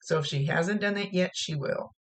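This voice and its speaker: A woman's voice: on the low side, normal speed. A woman psychic medium giving a reading, chatting plainly as she relays spirit messages. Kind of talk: recorded psychic reading monologue.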